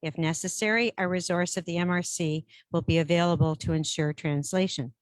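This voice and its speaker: A woman chairing a regional council meeting in a brisk, procedural way, switching between English and French. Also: on the low side, steady tone, no echo. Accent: Canadian French-English bilingual.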